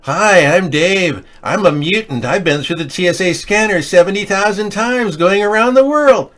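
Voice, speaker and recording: A man putting on a slow, high-pitched mutant guy. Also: fairly bright tone. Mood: goofy.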